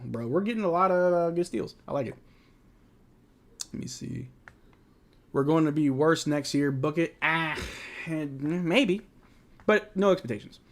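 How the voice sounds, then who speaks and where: A man hosting a live basketball watch-along, calling plays with excitement and chatting casually about the team. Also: on the high side. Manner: casual, excitable play-by-play mixed with candid fan opinions. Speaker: fan livestream host.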